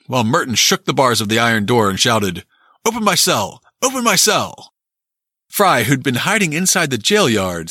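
A man's voice: mid-range voice, husky, no room sound, clean studio sound. A man narrating a scripted true-crime history and reading old newspaper accounts aloud. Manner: lively storytelling, quotes old newspaper accounts.

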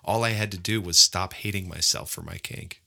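A man's voice: low voice, normal speed, bright, forceful tone. A man co-hosting a podcast, asking questions and talking in an encouraging, reflective way. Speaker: podcast co-host. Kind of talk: casual interview chat.

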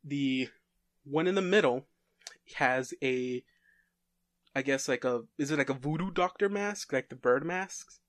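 A man with a middle-range pitch loosely talks through a story idea in a dry recording without room echo. His delivery is halting, full of fillers, pauses, and restarts.

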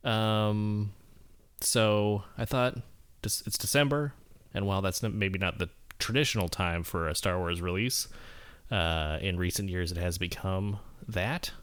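A man's voice: low-pitched, measured pace, a bit bright, smooth. A man co-hosting a podcast in casual chat, rambling and self-mocking with many fillers. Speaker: podcast co-host.

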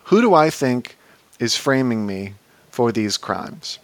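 A man putting on a rambling older male entertainer who drifts off into food tangents and mumbles little "a baw" tics. The voice sits at an ordinary middle pitch. The sound is dry and close, with no room around it. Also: animated, slow, dry recording. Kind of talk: comedic impression in a podcast.

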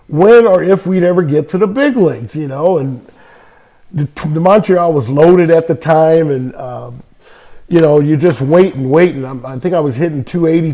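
With a slightly high male voice, this older former baseball player from California tells animated stories on a podcast. The casual interview is loaded with his fillers and frequent laughs.

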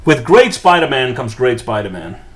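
A man's voice: medium pitch, very animated, normal speed, a bit bright, roomy sound, recorded from a distance, a little hiss or hum. A man with a Dutch accent, chatting as a podcast guest, restarting his sentences often. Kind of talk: casual chat.

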